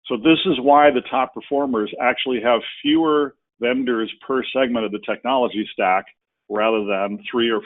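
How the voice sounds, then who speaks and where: A man giving a business webinar talk in a conversational, folksy way, with casual asides. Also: mid-range voice. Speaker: presenter. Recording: tinny phone-like audio.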